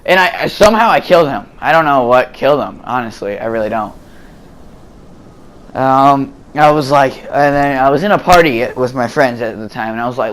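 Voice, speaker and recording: A man's voice: mid-range voice, expressive, normal speed, fairly bright tone. A man giving casual, rambling voice-over commentary on gameplay footage, full of fillers and restarts, recorded at home.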